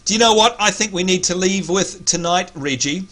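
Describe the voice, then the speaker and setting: A man's voice: high voice, brisk, a bit bright. An Australian man hosting a live game stream, chatting casually and reading out viewer names in an upbeat way. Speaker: stream host.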